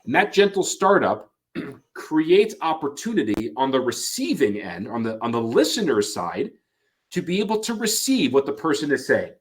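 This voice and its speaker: Male lecturer, animated pitch, plays out example lines mid-talk, frequent self-corrections. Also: normal speed. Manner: acts out quoted lines, frequent restarts and fillers. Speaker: couples therapy lecturer. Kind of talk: explanatory talk on couples therapy.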